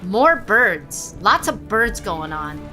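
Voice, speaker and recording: A woman's voice: mid-range voice, very animated, slow pace, bright, forceful tone, faint music behind. A young woman streamer reacting to a game video in casual, sarcastic chat, swearing freely.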